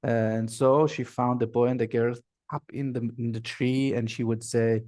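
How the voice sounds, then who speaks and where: A man, a workshop facilitator, telling a folk tale slowly over a video call, repeating and searching for words. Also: mid-range voice, level tone, darkish tone. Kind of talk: oral storytelling.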